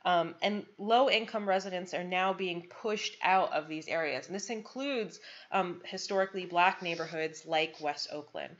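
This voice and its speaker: A woman giving a college lecture, pausing often with frequent ums and restarts. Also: fairly low pitch, fairly bright tone. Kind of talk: recorded lecture. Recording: dull lo-fi lecture recording.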